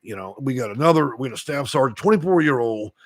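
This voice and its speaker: Man, casual live-stream host, rambling, profane, venting, mid-pitched voice, dry close sound. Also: animated, quick pace, no room sound. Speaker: channel host. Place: rural home.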